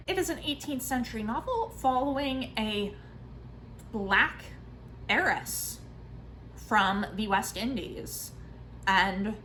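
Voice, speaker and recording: A woman in her thirties chatting casually in a book vlog, self-mocking and full of quick asides. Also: mid-range voice, fairly bright tone, a little hiss or hum, low-quality recording. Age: 30s. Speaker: book vlogger.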